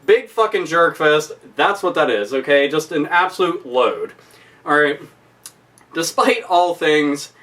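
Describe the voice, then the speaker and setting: A man's voice: a little high, expressive, measured pace, bright, forceful tone. A man ranting to camera as a YouTuber, swearing constantly and repeating his points with heavy emphasis. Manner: profane, emphatic, repetitive. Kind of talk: angry rant vlog.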